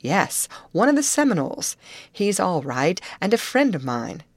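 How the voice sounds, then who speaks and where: A woman's voice: lowish voice, sing-song, normal speed, no echo, voice pushed up. A woman reading the part of a blunt, matter-of-fact middle-aged male overseer in an audiobook.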